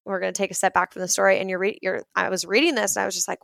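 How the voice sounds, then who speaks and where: Earnest young woman host, mid-pitched, casual and chatty, dry close-mic sound. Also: little pitch movement, racing, gravelly, few pauses, fairly bright tone, no room sound. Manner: chatty, earnest, frequent "like" fillers. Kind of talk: casual motivational talk.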